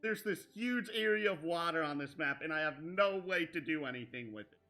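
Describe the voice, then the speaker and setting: A man's voice: a little high, expressive, a little fast, sharp tone, soft background music. A man running a tabletop game as game master, narrating in a rambling way with many restarts. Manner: rambling, full of restarts and fillers like "like".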